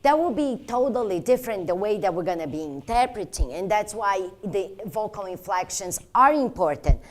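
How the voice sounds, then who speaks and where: A woman's voice: mid-range voice, lively intonation, normal speed. Woman explaining interpreting protocol. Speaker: interpreter trainer. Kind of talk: instructional talk.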